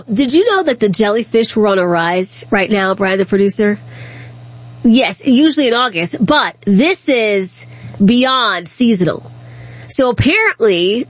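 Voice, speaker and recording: A woman hosting a talk radio show, telling a story in a chatty way. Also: mid-range voice. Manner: chatty, storytelling, laughs easily. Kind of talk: casual talk radio monologue. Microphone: studio microphone.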